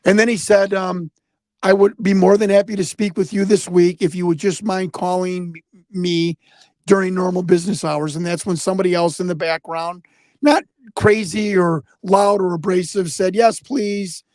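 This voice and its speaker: High-voiced rambling American man. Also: little pitch movement, normal speed, a little mellow, dry recording. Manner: rambling, repeats words, acts out quoted voices. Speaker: guest investigator. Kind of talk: casual interview storytelling.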